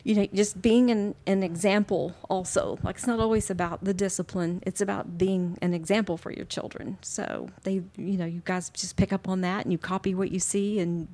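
Middle-aged mom chatting at home, jokey, laughs easy. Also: female voice, medium pitch, fairly even intonation, normal speed, few pauses. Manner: warm, joking, laughs easily. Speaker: host's mother, guest. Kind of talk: casual chat.

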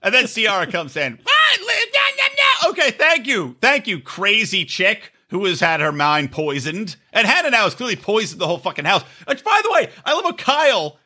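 A man co-hosting a casual podcast recap, swearing freely as he rants. His voice sits high and swoops all over. The tone is very bright and forceful. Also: big pitch swings, moderate pace, few pauses. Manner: profane, ranting, laughs often. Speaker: podcast co-host. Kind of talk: casual chat, reality TV recap.

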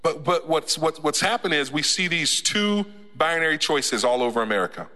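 A man preaching a sermon to his church in a relaxed, joking way, with laughs and frequent restarts. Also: on the high side, normal speed. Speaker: pastor. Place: church sanctuary. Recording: church hall with long reverb.

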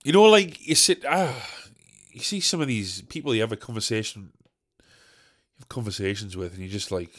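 A man's voice: lowish voice, lively intonation, a little fast, a bit bright. A British man hosting a solo comedy podcast, ranting in a sweary, rambling way. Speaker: podcast host.

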